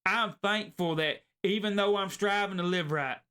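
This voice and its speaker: A man preaching a sermon in an earnest, folksy way, slowing down to stress his points. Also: high-pitched, bright, forceful tone, smooth. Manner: folksy, earnest, slows down for emphasis.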